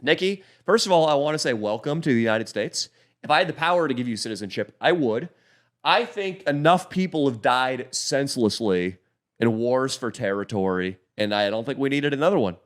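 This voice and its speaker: A man's voice: mid-range voice, lively intonation, a little fast. A man co-hosting a podcast in casual chat, joking and swearing a lot. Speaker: podcast co-host.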